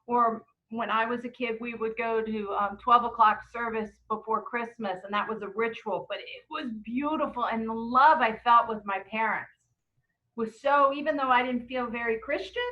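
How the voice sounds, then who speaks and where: A middle-aged woman leading a book club, telling stories in a relaxed way and acting out the quotes. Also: a little high, lo-fi sound. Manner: warm anecdotal storytelling with acted quotes. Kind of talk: casual book club talk.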